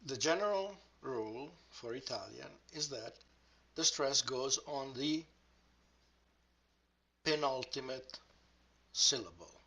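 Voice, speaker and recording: A man teaching a grammar lesson, speaking deliberately and modelling each example word aloud. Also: mid-range voice, pushed and bright, breathy edge. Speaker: language teacher.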